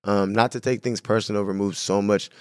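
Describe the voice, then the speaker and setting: A man's voice: on the low side, steady tone, brisk, smooth, no room sound, studio quality. A young man from San Diego, a guest telling stories in a casual podcast interview, laid-back and full of slang. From San Diego, California. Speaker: guest, clothing brand owner.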